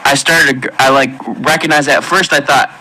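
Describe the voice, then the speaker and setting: Earnest man with a bright, halting voice. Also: mid-range voice, steady tone, poor audio. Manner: halting and earnest, with frequent restarts and pauses; intense, pleading delivery. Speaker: testimony speaker. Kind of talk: emotional personal testimony.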